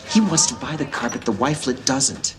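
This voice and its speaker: A man's voice: medium pitch, a little fast, close to an everyday voice. A middle-aged actor playing a cocky, bitter car salesman with a sarcastic manner, in a TV movie. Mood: smug. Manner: smug, sarcastic. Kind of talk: TV movie acting. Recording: noisy film soundtrack.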